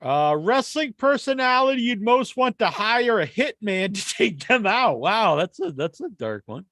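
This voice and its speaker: A man co-hosting a podcast in casual chat, an animated storyteller who laughs often and acts out sounds. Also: high voice, unhurried, no echo, studio quality. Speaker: podcast co-host.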